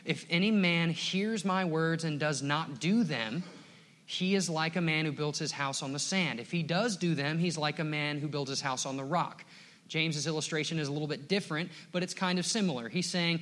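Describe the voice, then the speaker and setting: A young adult man preaching a sermon to his congregation, earnest and building to loud exhortations, with a casual "man" dropped into his lines. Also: fairly high pitch. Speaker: pastor.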